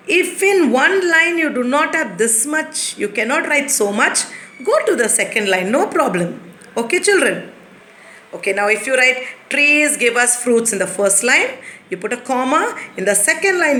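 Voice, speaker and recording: A woman teacher giving a lesson to young children, explaining patiently and repeating things slowly. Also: fairly high pitch, sharp tone, a little hiss or hum. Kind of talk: recorded classroom lesson. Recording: echoey room.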